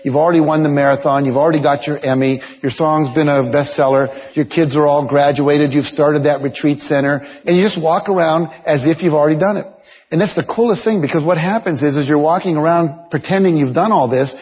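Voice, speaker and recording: Husky-voiced man in a reverberant hall. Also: on the high side. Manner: lively storytelling, coaching the listeners directly. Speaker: motivational speaker. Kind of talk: seminar talk to an audience. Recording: dull lo-fi sound with long hall reverb.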